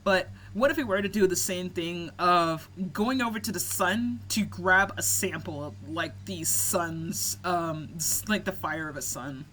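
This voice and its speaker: A woman's voice: lowish voice, a little slow, few pauses, fairly bright tone, a little hiss or hum. A young American woman chatting casually while playing a video game, laughing often and swearing freely. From United States. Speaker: let's play co-host. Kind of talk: casual gaming banter.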